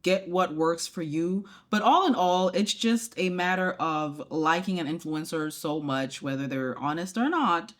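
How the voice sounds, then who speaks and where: A woman's voice: on the low side, lively intonation, measured pace, few pauses. A woman hosting a reaction video, giving playful, jokey commentary and chatty asides to her viewers. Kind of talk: casual commentary on clips.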